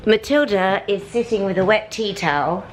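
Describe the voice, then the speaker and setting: A middle-aged British woman talking to camera in a casual vlog, ranting animatedly with big swings in pitch. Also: normal speed, a little hiss or hum, poor audio. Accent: British English. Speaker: vlogger. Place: at home and out on a city street.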